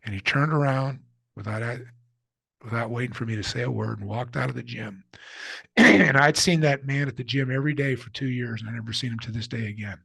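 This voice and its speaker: A husky, slightly breathy older man speaking as a guest in an interview. He tells his stories earnestly and openly, voicing the people in them. The sound is close and dry. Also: medium pitch, fairly quick, a bit bright, no room sound. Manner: earnest, candid storyteller who acts out quotes. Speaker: author and guest. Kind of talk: reflective storytelling interview.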